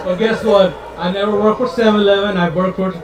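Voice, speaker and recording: A man gives a heartfelt speech at a retirement party, halting and restarting as he jokes. His voice sits fairly high. He is heard from a distance in an echoey room. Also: steady tone, a crowd in the background. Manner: halting, full of restarts, joking and emotional. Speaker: guest speaker. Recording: roomy hall, mic at a distance.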